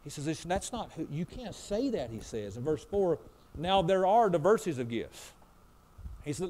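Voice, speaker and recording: A man's voice: fairly high pitch, sing-song, moderate pace, mellow. A man preaching a sermon as pastor, telling a story in a folksy way and acting out both sides of a conversation. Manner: folksy, repeats "I said" and "he said".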